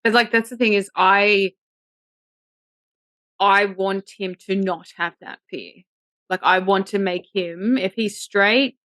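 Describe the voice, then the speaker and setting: A woman's voice: medium pitch, fairly even intonation, slow, fairly bright tone, no room sound. A woman co-hosting a podcast, bantering and teasing in a casual chat. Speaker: podcast co-host.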